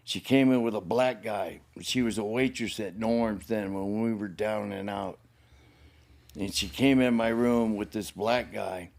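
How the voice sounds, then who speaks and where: A man's voice: lowish voice, steady tone, measured pace, gravelly. Older man telling a raw, profane life story. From Los Angeles, United States. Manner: rambling and heavily profane; gets choked up telling painful memories. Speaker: guest, the host's father. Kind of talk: candid personal storytelling.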